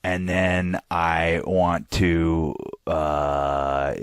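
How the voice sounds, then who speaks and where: A man's voice: sits low, flat delivery, drawn-out words, clear, resonant tone, no room sound, clean studio sound. A man co-hosting a podcast, trading jokes and mock trash-talk in casual banter. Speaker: podcast co-host.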